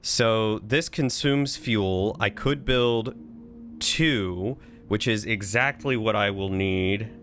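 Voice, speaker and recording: A man's voice: fairly low pitch, takes it slowly, a bit bright. A man casually thinking aloud while streaming a strategy game, chatting with and thanking his viewers. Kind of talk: casual live-stream commentary.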